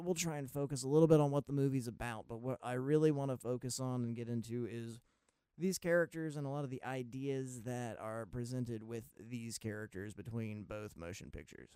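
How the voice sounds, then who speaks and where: A man's voice: mid-range voice, vocal fry, dark tone, clean tone, no echo, studio quality. A man from Maryland hosting a casual movie podcast, rambling, sarcastic and profane. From Maryland, USA. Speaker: podcast host.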